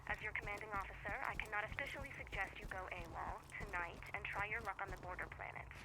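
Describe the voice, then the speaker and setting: A woman's voice: mid-range voice, quick pace, heavy background noise, lightly acted. An actress playing a stern female commanding officer in a video game cutscene, with curt, formal military delivery. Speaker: game character.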